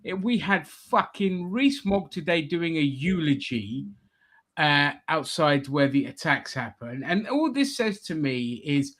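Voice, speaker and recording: Give me a man with a fairly high voice, ranting crude and sarcastic as a stream host. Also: animated, measured pace, fairly bright tone. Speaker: livestream host. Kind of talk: ranting livestream talk.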